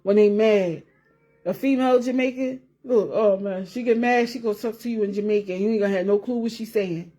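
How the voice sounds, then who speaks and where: Here a woman vlogger speaks fairly quickly in a mellow, medium-pitched voice, chatting casually to camera. Her talk rambles and repeats, peppered with free swearing and laughter.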